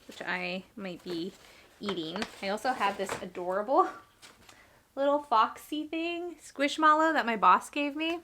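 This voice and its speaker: A woman talks through her week for a reading vlog, chatty and rambling, trailing off and restarting. Her voice sits in a middle pitch with a bright, forward tone. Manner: rambling, chatty, self-interrupting. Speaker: reading vlogger; teacher. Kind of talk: casual chat.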